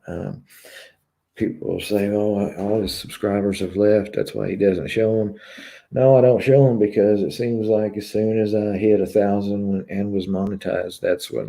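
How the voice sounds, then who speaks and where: A man with a deep, dark, gravelly voice hosts a YouTube live stream, chatting with viewers and reading their comments. He speaks slowly and haltingly, with many pauses and filler words, while being frank, personal and confessional.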